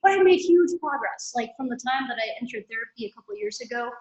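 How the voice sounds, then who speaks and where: A woman's voice: a little high, expressive, fast, muffled recording. Young woman sharing candidly, roomy echo. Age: 20s. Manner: rambling, emotional, self-deprecating. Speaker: support group member.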